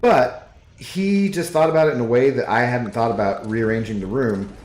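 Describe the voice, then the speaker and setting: A man with a mid-range, darkish voice talks at a moderate pace as he streams a game from his living room. He keeps up relaxed, rambling chatter and reads viewers' comments aloud, and the room echoes with faint music in the background.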